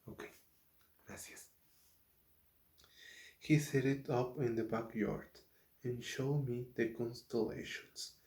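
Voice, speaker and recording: Slow, halting man reading in a roomy echo. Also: medium pitch, steady tone, darkish tone. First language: Spanish. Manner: halting, careful reading with frequent self-corrections. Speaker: channel host reading a novel aloud. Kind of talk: ASMR read-aloud.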